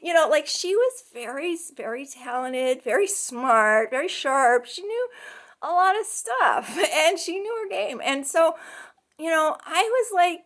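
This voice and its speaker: A middle-aged Canadian woman with a high, slightly bright voice presents a class case as a counseling student. She's expressive and measured but chatty, full of "you know" and "um," and often laughs.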